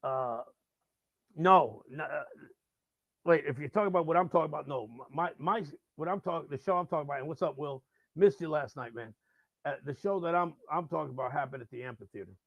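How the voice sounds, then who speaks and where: Male radio host, gravelly and a bit high, casual storyteller who acts out voices, dry muffled audio. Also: a little fast, no room sound. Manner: animated, acts out quoted voices loudly. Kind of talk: casual live-stream storytelling.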